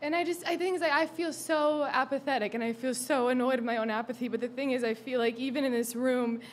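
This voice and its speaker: A woman's voice: sits high, steady tone, quick pace, a little hiss or hum. Frustrated young woman venting on stage. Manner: frustrated, rambling, swearing, flaring into shouts. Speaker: open mic performer. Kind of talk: spoken monologue at an open mic.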